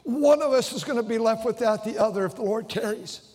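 An older man preaches from the pulpit, his voice high for a man. He talks with heartfelt emotion, stumbling and restarting his phrases. The big auditorium wraps every word in a long, ringing reverb. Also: fairly quick, a little mellow. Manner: emotional, repeating himself with stammered restarts. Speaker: pastor. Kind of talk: sermon. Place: large church auditorium.

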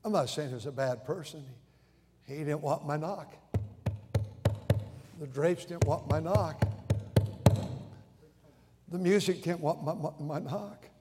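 An older pastor preaches in a conversational, storytelling manner, often stammering and restarting his phrases. His slightly high voice is a little slow, mellow, and rough, with frequent pauses, faint music behind him, and long hall reverb.

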